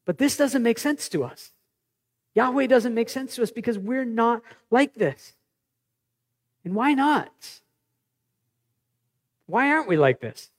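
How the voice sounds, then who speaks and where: A man in his thirties, a pastor, preaching a sermon in an animated, conversational way with personal stories. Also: very high-pitched, moderate pace.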